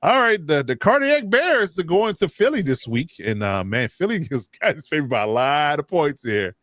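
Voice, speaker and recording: A man hosting a casual sports podcast, relaxed and filler-heavy, who lifts his voice when he moves things on. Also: a little high, moderate pace, dry recording, clean studio sound. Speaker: host.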